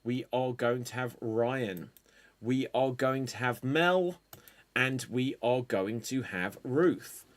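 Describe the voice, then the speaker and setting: Unhurried man hosting improv games. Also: mid-range voice. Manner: unhurried, dry, calls out game prompts. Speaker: improv show host.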